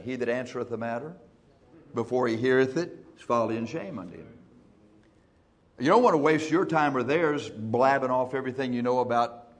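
A male pastor preaching in a church, folksy and emphatic, speeding up and slowing down for effect. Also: mid-range voice. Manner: folksy, emphatic, shifting between fast and slow. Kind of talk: sermon.

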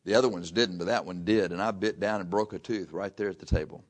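An older man preaching a folksy sermon, reading scripture slowly and telling homespun stories. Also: deep voice. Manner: slow, drawn-out scripture reading mixed with chatty anecdotes.

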